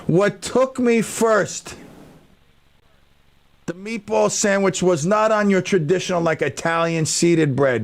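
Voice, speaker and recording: Gravelly high-voiced radio host. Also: male voice. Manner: rambling, animated storytelling. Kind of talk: casual radio talk.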